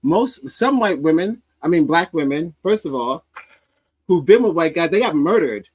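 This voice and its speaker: A man's voice: fairly high pitch, very animated, normal speed, husky, rough recording. A man hosting a casual commentary stream, reacting to social media clips in a rambling, sardonic way with many restarts.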